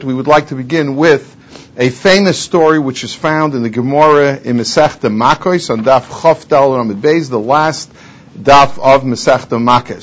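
A man's voice: medium pitch, lo-fi sound. A man teaching a Talmud lecture, quoting Hebrew and Aramaic phrases and translating each, pressing harder on his rhetorical questions. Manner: rising intensity on rhetorical questions. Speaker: Torah teacher.

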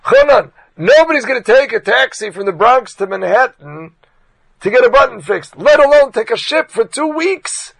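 A man's voice: deep voice, brisk, creaky, husky, heavily acted. A man voicing an insistent factory owner. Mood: exasperated. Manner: pressing, repeating himself. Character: wealthy male coat-factory owner, insistent and pleading.

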